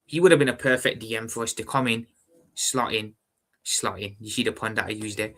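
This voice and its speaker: A young man hosts a fan live stream in a bright, forward voice. He talks in a calm, measured way and often repeats his phrases. He chats casually with viewers and calls them brother. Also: on the low side. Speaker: football fan livestream host.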